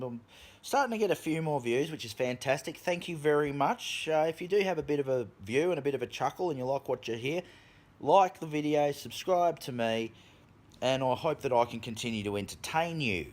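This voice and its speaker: An Australian man rants straight to his viewers, his voice leaping up and down in pitch as he hammers his points. He talks in a loose, profane, animated way, sitting at an everyday middle pitch for a man. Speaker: vlogger. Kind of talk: ranting monologue.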